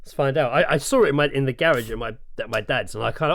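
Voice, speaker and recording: A man's voice: mid-range voice, fast, creaky, fairly bright tone, a little hiss or hum. A man co-hosting a casual podcast, rambling and swearing, a little tipsy from beer, on a close mic. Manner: sweary, rambling, self-mocking. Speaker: podcast co-host.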